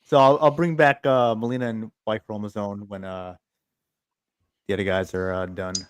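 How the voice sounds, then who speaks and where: A man's voice: fairly low pitch, fairly even intonation, moderate pace, clean tone, dry recording. Laid-back man running the panel. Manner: laid-back, fillers while organizing. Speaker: podcast host. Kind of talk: casual gaming chat.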